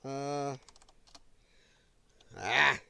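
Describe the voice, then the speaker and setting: A man's voice: medium pitch, steady tone, extremely slow, gravelly, bright, forceful tone, clean tone. A man hosting a casual political commentary livestream, talking to his chat, laughing a lot and fumbling while he looks for clips. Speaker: livestream host.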